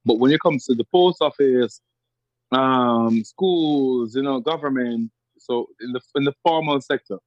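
Jamaican man, podcast guest, reflective, husky tone, slightly muffled recording. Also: mid-range voice, a little slow, no room sound. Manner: reflective, repeats words while searching for them. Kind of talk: conversational interview.

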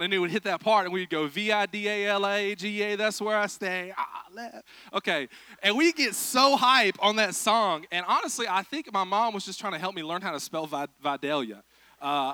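Bright-voiced preacher, joking. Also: male voice, high-pitched, no room sound. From South Georgia, USA. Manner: joking, chatty, self-deprecating. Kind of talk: humorous sermon. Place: church.

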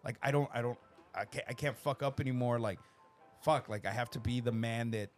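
A man's voice: medium pitch, fairly quick, faint music behind. A man in his thirties hosting a casual podcast, swearing freely and telling family stories in a loose, rambling way. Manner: swears constantly, animated storytelling with acted-out quotes. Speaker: podcast host.

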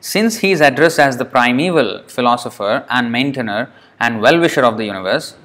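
A man's voice: mid-range voice, animated, fairly quick, fairly bright tone. A man giving a scripture class lecture, reading a passage aloud and then explaining it, often checking in with rhetorical questions. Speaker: scripture teacher.

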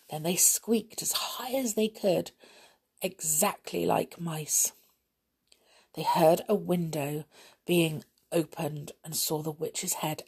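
A woman reading a children's story aloud in a gentle, expressive way. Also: low voice, husky. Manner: gentle, expressive, with soft laughs.

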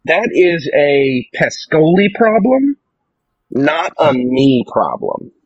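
A man's voice: on the high side, sing-song, takes it slowly, no room sound, lo-fi sound. Rambling joking man at the game table. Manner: rambling, joking, self-correcting. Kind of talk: casual actual-play chat.

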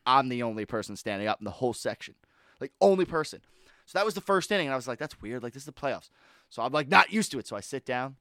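A young man co-hosting a casual chat, excitable, swearing and laughing often as he tells stories. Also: mid-range voice, fast talker, dry recording, studio quality. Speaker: podcast co-host.

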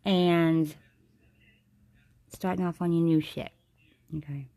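A tipsy woman hosting a comedic tarot reading stream, rambling and swearing in a jokey deadpan way. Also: fairly low pitch, slow pace, dry recording. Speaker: host.

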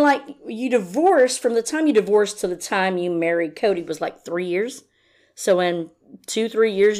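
A woman hosting a podcast, ranting in casual commentary, blunt and profane, now and then mocking someone in a high put-on voice. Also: a little mellow. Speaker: podcast host.

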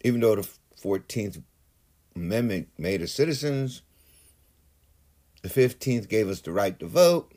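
A man's voice: fairly low pitch, lively intonation, measured pace, pauses often, warm tone. A man delivering a heated, profane political rant in his own vlog, swearing often and building into outbursts. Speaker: political commentator.

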